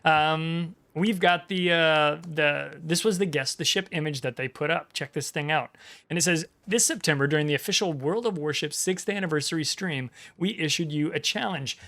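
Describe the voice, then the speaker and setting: Gravelly man rambling through game news. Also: fairly high pitch, normal speed, fairly bright tone. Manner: rambling, reads aloud with frequent fillers and restarts. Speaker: gaming channel host. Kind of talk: casual live-stream news chat.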